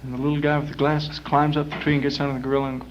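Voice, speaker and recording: A man's voice: fairly high pitch, flat delivery, rapid-fire. Man, stage jokester, folksy rambler, muffled live tape from a small club, faint hiss. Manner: rambling, folksy, many uhs. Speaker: performer. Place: small lounge.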